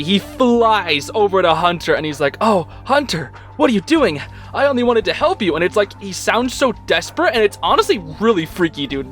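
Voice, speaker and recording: A young man with a high, sharply bright voice recaps an episode in casual talk. He sounds excitable and informal, with slang and plenty of fillers, over faint music. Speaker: host.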